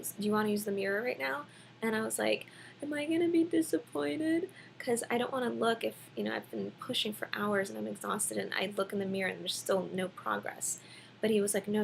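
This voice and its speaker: Young woman, casual home vlogger, chatty storyteller, mild vocal fry, faint background hum. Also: medium pitch, rough recording. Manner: chatty, many fillers, quotes others in lively voices.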